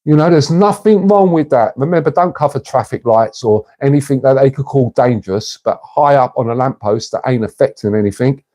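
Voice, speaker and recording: Male streamer, relaxed warm voice, casual chatty host. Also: medium pitch, brisk, hardly any pauses. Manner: chatty, matey, reads and answers comments. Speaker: livestream host. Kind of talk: casual livestream chat with viewers.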